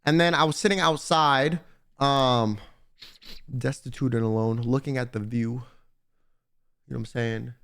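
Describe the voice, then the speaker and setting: A man's voice: medium pitch, steady tone, a little slow, pauses often, fairly bright tone, clean tone. A man streaming live, casually telling a long convention story to his chat, rambling and swearing a lot.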